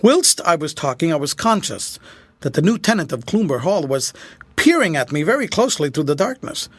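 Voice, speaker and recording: A man narrating a classic novel as an audiobook, in an expressive, dramatic storytelling manner. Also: on the high side, a little fast, breathy edge, no echo.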